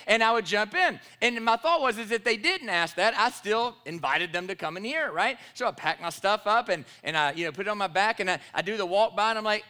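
A man's voice: high voice, lively intonation, brisk, pushed and bright. A man, a pastor preaching a sermon and telling a personal story, acting out the dialogue with animation.

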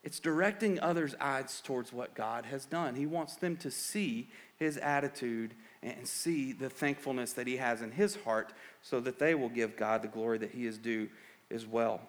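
A man preaching a sermon in an earnest tone, rising to loud urgent emphasis and dropping to quiet reflection, often repeating words as he builds a point. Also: medium pitch. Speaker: pastor.

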